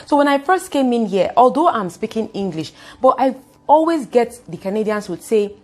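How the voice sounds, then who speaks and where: A young Nigerian woman with a Nigerian accent, talking fast and expressively to camera in a casual vlog. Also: a little high. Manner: fast-talking, expressive, acts out quoted voices. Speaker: YouTuber.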